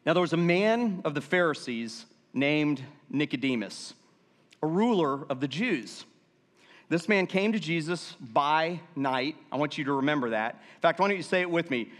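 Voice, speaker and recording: A man's voice: fairly high pitch, moderate pace. A man pastor preaching a sermon, reading scripture aloud and drawing the congregation in with call-and-response and jokey asides. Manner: lively, asks the congregation to repeat words aloud; jokey asides between verses. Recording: long reverb of a large hall.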